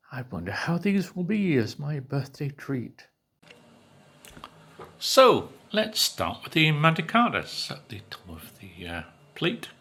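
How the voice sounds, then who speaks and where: A man from Britain tasting cakes on his food vlog, talking slowly and musing, humming as he savors each bite. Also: on the high side, vocal fry, fairly bright tone, slightly rough. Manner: slow, musing, savoring with hums between bites. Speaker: food vlogger.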